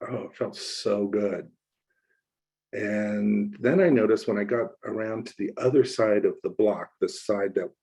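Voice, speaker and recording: A male minister telling a personal story in a relaxed, conversational sermon, acting out the voices of the people he quotes. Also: lowish voice, gravelly, husky, low-quality recording.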